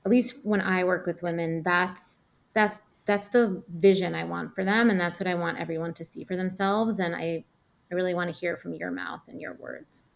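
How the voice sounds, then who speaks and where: A woman's voice: on the low side, steady tone, moderate pace, creaky. A woman hosting an interview, enthusiastic and encouraging in casual chat. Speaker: podcast host, dietitian.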